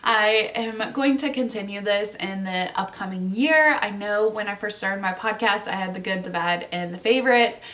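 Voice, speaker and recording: A woman's voice: mid-range voice, normal speed, few pauses, fairly bright tone, recorded from a distance. A woman in her twenties hosting her own podcast, chatting casually and bubbly with plenty of fillers. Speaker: podcast host. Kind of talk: casual solo podcast chat.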